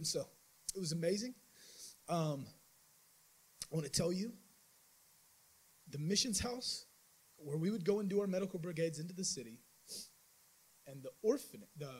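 A man with a somewhat high, husky voice gives a mission trip report to his church. He tells it as a loose, animated story, restarting sentences often. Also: poor audio. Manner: animated storytelling with many restarts and acted-out quotes. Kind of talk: informal sermon testimony.

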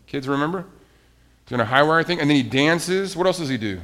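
A man's voice: on the high side, expressive, brisk, fairly bright tone. A man preaching as pastor in a children's sermon, coaxing the kids with questions and explanations.

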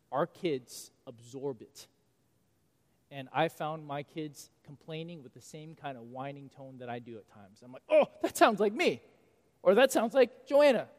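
A man in his thirties preaching a sermon as pastor, animated and swinging between loud and quiet for emphasis. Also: on the high side. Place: church sanctuary. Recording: long reverb of a church hall.

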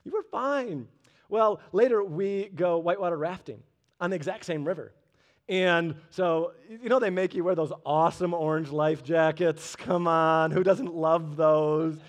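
A man in his thirties preaching a sermon, a lively storyteller who drops in joking asides. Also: on the high side, measured pace. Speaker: pastor. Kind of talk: sermon with personal stories.

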